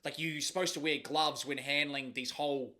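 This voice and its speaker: A man's voice: fairly high pitch, fairly even intonation, normal speed, bright, forceful tone. A man co-hosting a podcast, trading crude, laid-back banter full of swearing. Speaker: podcast co-host. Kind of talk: casual banter.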